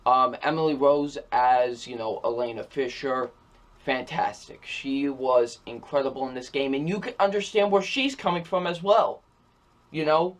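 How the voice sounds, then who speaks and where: A man's voice: medium pitch, fairly even intonation, normal speed. A man giving a casual, enthusiastic video game review, repeating his praise with lots of fillers.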